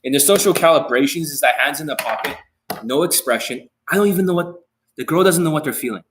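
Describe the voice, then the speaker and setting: A dating coach in a live-streamed talk speaks quickly and animatedly in a somewhat high voice, with background noise audible. He is blunt and profane, addressing viewers directly and repeating his key phrases again and again.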